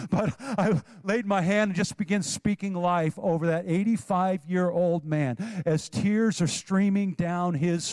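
A middle-aged man preaching a sermon to a congregation, his voice sitting fairly high for a man. He builds into rising, animated exhortations and slips in self-deprecating humor. The sound is dry and close. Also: dry recording. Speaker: pastor. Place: church before a congregation.

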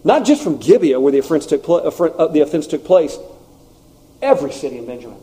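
Male preacher, warm mellow tone, casual and animated. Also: a little high, fast. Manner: conversational, animated asides. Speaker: pastor. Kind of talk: sermon.

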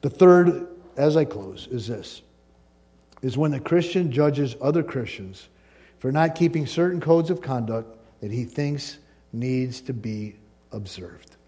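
A man preaching a sermon as pastor, animated, acting out the voices of doubting listeners. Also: mid-range voice, a little slow.

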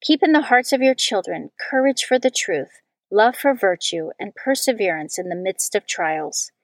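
A woman's voice: mid-range voice, no echo. Woman reading scripture, dry close sound. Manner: measured, solemn reading. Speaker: scripture reader. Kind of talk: reading liturgy and prayers.

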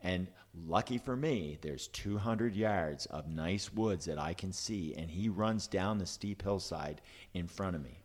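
A man with a very low voice telling a hunting story among friends. He talks in a casual, animated way and acts out the sounds and his own thoughts. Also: measured pace.

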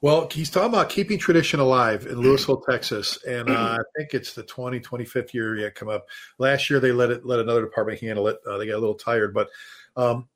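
A man, a fire chief guest on a show, telling stories in an animated, casual way with many restarts and repeated words. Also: medium pitch, fast talker. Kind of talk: casual storytelling.

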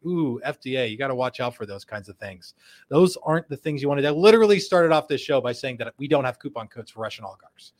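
With an animated, mid-range voice, a man hosts a live show where he reads viewer comments and cracks jokes about them. He laughs a lot and does quick voices for the quotes.

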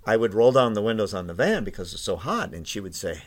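Low-voiced man telling rambling stories. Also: quick pace. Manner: rambling, animated anecdotes with restarts. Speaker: podcast host and tour guide. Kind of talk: casual storytelling.

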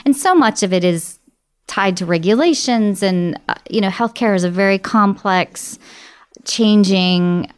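A woman's voice: mid-range voice, measured pace, clean tone. A woman guest on a podcast, a marketing director telling stories in an earnest way. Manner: storytelling, earnest. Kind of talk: interview conversation.

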